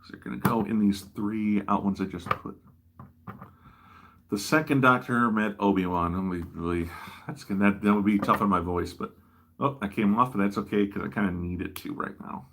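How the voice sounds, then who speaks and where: A man with a lowish voice and a bright, forceful tone hosts a livestream, chatting casually as he builds a model. He rambles from one thought to the next and pokes fun at himself. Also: moderate pace, slight background noise. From American Midwest. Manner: rambling, self-deprecating. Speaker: livestream host.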